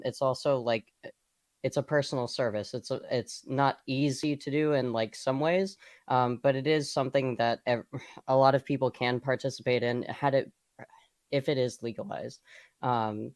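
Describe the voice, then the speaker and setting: A man speaks on a podcast panel, hesitant and loose, filling every gap with um and like. His voice has a middle pitch and a dry, close sound. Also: dry recording. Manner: hesitant, heavy with ums and likes. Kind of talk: casual chat.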